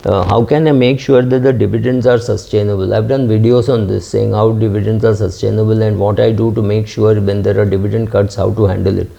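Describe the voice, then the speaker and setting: Middle-aged guy answering viewer comments on his finance channel, gravelly dark voice, lots of uhs, dull lo-fi sound. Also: lowish voice, fairly even intonation, a little fast, hardly any pauses. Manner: hesitant, many fillers and restarts. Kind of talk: casual talk reading and answering comments.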